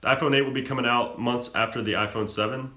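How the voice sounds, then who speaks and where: Casual bright-voiced male streamer. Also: mid-range voice, fairly even intonation, fast, reverberant. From Florida-born, raised in Chicago. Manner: reads out chat questions and answers them casually. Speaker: live stream host.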